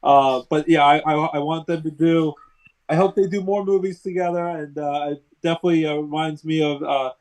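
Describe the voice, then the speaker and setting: A man's voice: on the high side, fairly even intonation, brisk, poor audio. Chatty sports show co-host, man. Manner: chatty, warm, hesitant with fillers. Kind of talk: casual sports talk.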